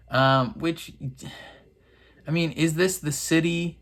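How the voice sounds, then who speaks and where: A man in casual reaction commentary, chatty and wry, laughing often and filling pauses with "um". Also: fairly even intonation, fairly bright tone. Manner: acts out characters' lines in quick high voices. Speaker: reaction video host.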